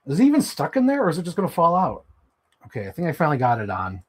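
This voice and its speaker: A man live streaming casually as he swaps parts on toy figures, talking in an animated way, swearing and jumping into high mock voices. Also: rapid-fire, slightly rough.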